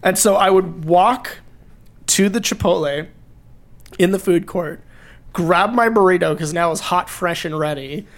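A young man guest on a casual podcast, telling animated stories full of swearing and laughter. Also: sits high, a little slow.

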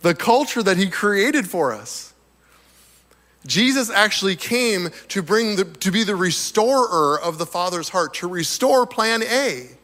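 High-voiced, slightly hoarse male preacher. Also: unhurried. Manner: animated, chuckles between points. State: slightly hoarse, losing his voice. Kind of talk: sermon. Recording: long reverb of a large hall.

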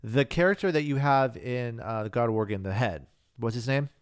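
A man's voice: mid-range voice, a little fast, clear, resonant tone, no echo, studio quality. A man co-hosting a podcast in casual chat, laid-back and swearing, often trailing off mid-thought. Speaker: podcast co-host.

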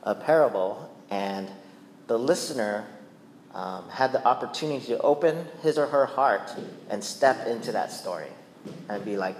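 A pastor preaches a conversational, playful sermon, often checking in with his listeners. His mid-range voice is expressive at a moderate pace, recorded in an echoey church hall with long reverb and a little hiss or hum.

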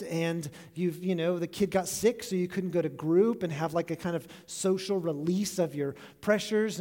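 A pastor preaching a sermon in a church, earnest and reflective, letting his voice drop soft at the ends of phrases. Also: sits high. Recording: long echo of a large hall.

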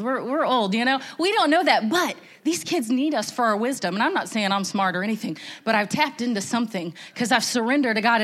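A middle-aged woman gives a candid, emotional testimony sermon at church, rambling and restarting as she goes. Her voice sits high with a fairly bright tone.

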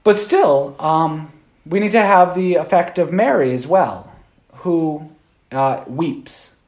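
A man's voice: a little high, takes it slowly, reverberant. A man, a Catholic priest, giving an informal Sunday homily in a conversational way, often checking in with "right?".

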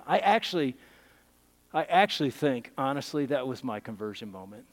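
A middle-aged man preaching a testimony sermon, telling his story and swinging from excited to hushed and emotional. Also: mid-range voice, moderate pace, big-room sound.

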